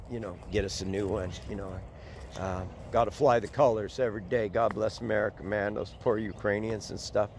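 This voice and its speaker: An older man who runs an animal sanctuary chats casually outdoors in a rambling vlog, switching to a high cooing voice for the puppies. His tone is darkish, with a slight hiss or hum in the recording.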